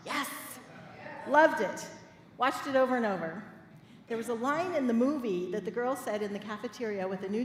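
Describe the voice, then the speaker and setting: A middle-aged woman minister with a fairly high voice preaches to her congregation, weaving in personal stories and laughing along as she goes. Her voice echoes around a church sanctuary with a long reverb tail. A faint room hum sits underneath. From Midwest United States. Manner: lively, playful storyteller who laughs with the congregation. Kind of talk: sermon with personal storytelling.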